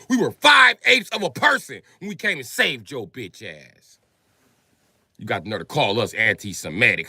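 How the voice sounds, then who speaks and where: Sharp-voiced man ranting on a livestream. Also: dry recording, clean studio sound. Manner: profane, ranting, swings from low muttering to loud shouting. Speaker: livestream host. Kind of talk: livestream monologue.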